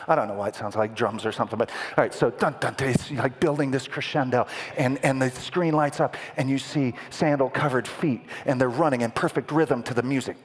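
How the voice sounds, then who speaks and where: A man's voice: medium pitch, normal speed, hardly any pauses, husky. A man preaching a sermon as dramatic movie-trailer narration, adding vocal sound effects for a live audience in a hall. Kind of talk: sermon storytelling.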